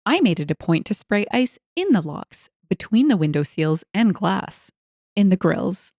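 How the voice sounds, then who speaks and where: A woman narrates stories in a scripted, expressive read. Her pitch swings in a lively, animated way, and she adds wry asides between the lines. The recording is dry and close, with no room sound. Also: a little slow, dry recording. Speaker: storyteller reading online stories.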